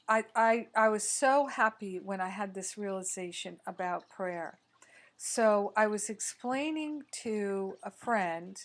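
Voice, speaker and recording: Slow, measured woman spiritual teacher. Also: medium pitch. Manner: slow, measured, gently repetitive. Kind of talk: sermon.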